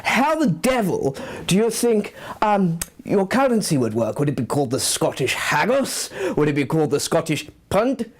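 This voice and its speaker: A young man interviewing a guest, slow and stumbling over his questions. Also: a little high, big pitch swings, breathy edge.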